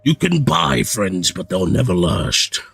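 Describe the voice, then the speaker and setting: A man voicing a smooth-talking orc who sounds like he is always chewing on something through his tusks. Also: huge pitch swings, fairly bright tone, no echo, soft background music, full character voice. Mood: sly. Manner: slow, low, chewing voice.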